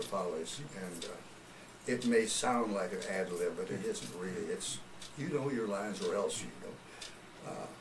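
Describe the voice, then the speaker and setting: Older man, low voice, ex-radio storyteller, distant mic in a roomy space, hiss behind. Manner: folksy storyteller, chuckles often. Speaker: retired radio personality. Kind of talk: oral history interview.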